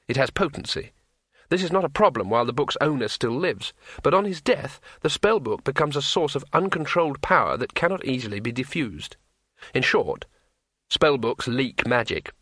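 A man narrating a comic fantasy novel in a measured, wry storytelling manner, close to the mic. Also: mid-range voice, a bit bright, dry recording. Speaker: audiobook narrator.

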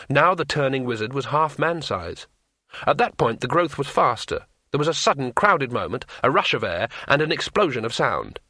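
Brief: male narrator for a comic fantasy audiobook, measured and wry, dry booth sound. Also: medium pitch, pushed and bright, dry recording.

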